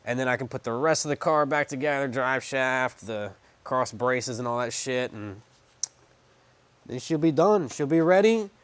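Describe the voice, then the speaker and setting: Male car hobbyist, mid pitch, unscripted garage talk, swears a lot, mumbled restarts. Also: lively intonation, normal speed, clean tone, no room sound. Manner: casual and profane, trailing off and restarting. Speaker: car owner working on his own car. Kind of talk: casual garage vlog.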